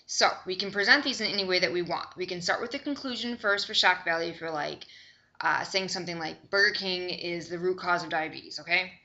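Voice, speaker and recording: A woman's voice: on the low side, bright, forceful tone, muffled recording. A young woman from Chicago giving a recorded online lecture, conversational and often checking in with "okay?". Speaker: course instructor.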